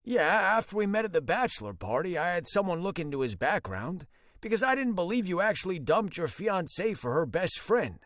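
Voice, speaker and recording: A man's voice: high voice, very animated, a little fast, a bit bright, no room sound, studio quality, pitched above the performer's own voice. A man doing a smug, defensive brother.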